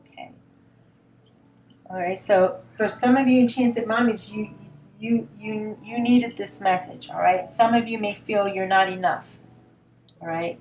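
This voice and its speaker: A woman giving a spoken tarot reading in a gentle, reassuring tone, often repeating words and asking "all right?". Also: mid-range voice, a little slow. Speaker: tarot reader. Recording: roomy sound from a distance, faint noise.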